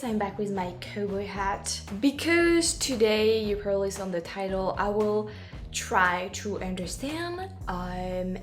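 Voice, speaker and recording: French-accented woman, vlog host, animated melody, faint music behind. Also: medium pitch. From France. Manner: animated, careful and deliberate when explaining. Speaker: YouTube host. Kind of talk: casual reaction vlog.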